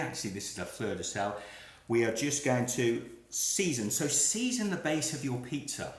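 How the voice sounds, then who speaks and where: Chatty man cooking live, echoey. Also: medium pitch. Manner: chatty, laughs at his own slip-ups. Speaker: cooking livestream host. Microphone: phone on a small tripod.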